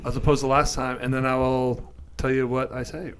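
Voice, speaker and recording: A man's voice: mid-range voice, little pitch movement, fairly quick, a little hiss or hum. A man co-hosting a podcast, chatting casually in a jokey way. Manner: jokey, likes quoting lines. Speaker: podcast co-host. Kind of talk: casual chat.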